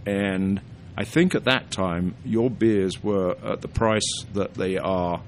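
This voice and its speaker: A British man hosting a podcast in a casual, jokey, animated way. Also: low-pitched, slow pace, slight background noise. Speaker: podcast host.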